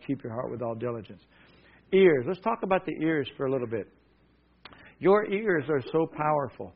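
A man's voice: fairly high pitch, dull audio. A male pastor preaching a sermon, repeating key words and leading the congregation in call-and-response. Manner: emphatic, repetitive, call-and-response.

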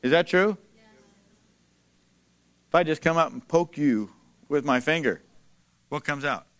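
A man preaching a sermon to a congregation, emphatic, asking them to repeat lines and slowing down to read scripture. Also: on the high side, smooth. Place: church before a congregation.

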